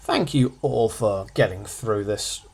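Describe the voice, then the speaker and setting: A man giving a casual revision lesson on a poem, explaining it in a jokey way with quick sarcastic asides. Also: on the low side, vocal fry, slightly rough. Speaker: revision tutor.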